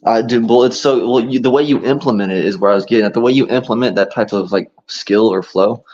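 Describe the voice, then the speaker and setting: A man's voice: lowish voice, fast, darkish tone. A man chatting casually as a podcast co-host, rambling loosely with fillers and restarts. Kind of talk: casual chat. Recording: dull, muffled lo-fi sound.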